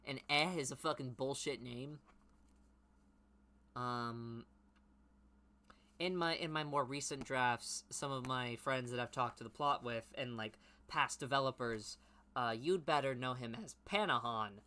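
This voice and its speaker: A man's voice: mid-range voice, a little slow, pushed and bright. A man reading his old teenage story aloud and mocking it with sarcastic, profane commentary. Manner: sarcastic, self-mocking, swears.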